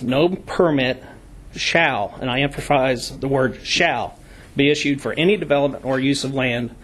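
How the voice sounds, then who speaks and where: A man speaking at a county commission meeting as a member of the public, deliberately reading out code sections and stressing key words. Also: medium pitch.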